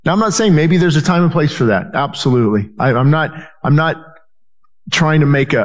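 Male pastor, sermon delivery, earnest, repeats himself, voices quoted people, fairly high voice. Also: animated, a little fast. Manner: earnest, repetitive, restarts phrases, acts out quoted voices.

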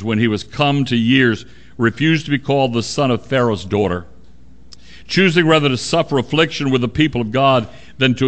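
A man preaching a sermon, earnest and emphatic, dropping low and quiet to stress points.

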